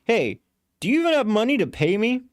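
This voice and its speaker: A man's voice: high voice, sing-song, brisk, no echo, clean studio sound, voice pushed up. A man voicing a grumpy, stubborn taxi driver in a storybook reading, speaking coldly and impatiently. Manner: scowling, cold, impatient. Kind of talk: storybook read-aloud.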